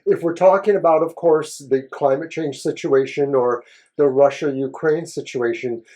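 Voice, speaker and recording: Man, tarot co-host, casual chat, measured, thoughtful. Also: fairly high pitch, mellow.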